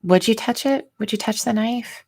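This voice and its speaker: A woman's voice: on the high side, normal speed, vocal fry, darkish tone. A woman co-hosting a podcast in casual talk, questioning and chatty, laughing lightly between points. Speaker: podcast co-host. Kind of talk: casual true-crime discussion.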